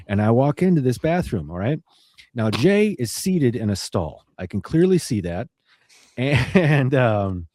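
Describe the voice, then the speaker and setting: A man's voice: mid-range voice, mellow. A man hosting a podcast, telling a long funny story in a casual way, laughing often and swearing freely. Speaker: podcast host.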